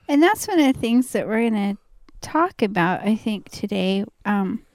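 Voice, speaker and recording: A woman's voice: medium pitch, big pitch swings, moderate pace, a little mellow, no echo, studio quality. A woman co-hosting a podcast in casual chat, easygoing. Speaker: podcast co-host.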